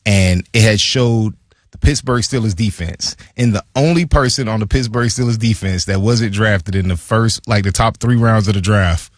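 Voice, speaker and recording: Husky-voiced man telling stories. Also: lowish voice, normal speed, dry recording, clean studio sound. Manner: animated, acts out quoted dialogue. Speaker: former pro football player, guest. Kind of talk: casual storytelling.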